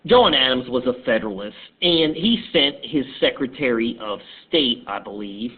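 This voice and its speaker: A man teaching history as a casual story, talking in a halting, conversational way, recorded on a tinny phone-like line. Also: medium pitch, expressive.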